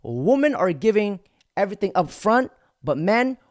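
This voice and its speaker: A man's voice: sits high, very animated, moderate pace, no room sound, studio quality. A man hosting a commentary video, lecturing in a matter-of-fact way. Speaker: commentary host. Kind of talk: commentary narration.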